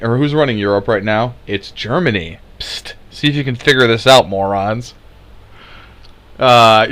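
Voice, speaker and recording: A man's voice: lowish voice, fairly bright tone. A man delivering an angry political rant, sarcastic and heated, swearing and laughing in scorn. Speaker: commentator.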